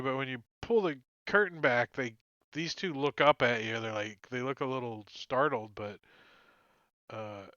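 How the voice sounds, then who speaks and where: A man's voice: medium pitch, fairly bright tone, no room sound, muffled recording. A man narrating a tabletop game as game master, casual and chuckling, with many "like" and "uh" fillers.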